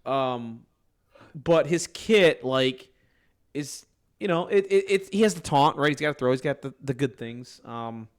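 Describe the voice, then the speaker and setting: A man's voice: medium pitch, expressive, unhurried, clean tone. A man co-hosting a casual gaming podcast, talking hesitantly with many ums. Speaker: podcast co-host.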